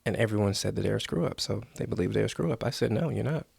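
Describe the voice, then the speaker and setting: Man, podcast host, gravelly, husky, earnest motivational coaching. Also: fairly low pitch, very fast, darkish tone, no echo. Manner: earnest coaching, acts out inner voices.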